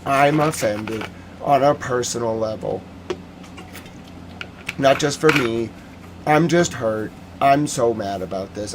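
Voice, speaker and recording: A man's voice: mid-range voice, slight background noise. Heated man ranting on a live stream. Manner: reads viewer chat aloud. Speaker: host. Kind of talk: live-stream news commentary.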